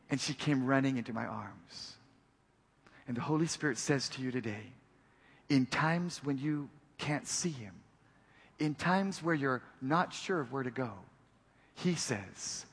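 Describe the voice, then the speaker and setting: A middle-aged man preaching a sermon, measured, slowing and dropping softly on key phrases. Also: on the high side, slightly rough, long reverb tail.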